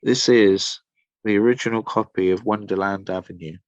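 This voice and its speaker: A man's voice: fairly low pitch, fairly even intonation, normal speed, dry recording, highs cut off. An English man from Somerset, a musician guest telling rambling, enthusiastic stories in a casual podcast chat. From Somerset, England. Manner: rambling, enthusiastic storytelling with many fillers.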